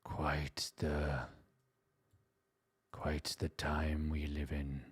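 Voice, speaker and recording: A very deep, grave older German man, as a man puts him on murmurs slowly in a breathy half-whisper. His words drag out, heavy and brooding. The sound is dry and close. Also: monotone, no echo, exaggerated voice.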